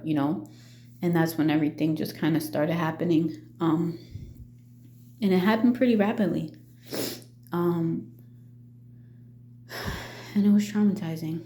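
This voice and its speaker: A middle-aged woman talking casually in a personal vlog, halting, with many fillers and restarts. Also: deep voice, warm tone, roomy sound, a little hiss or hum. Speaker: vlogger.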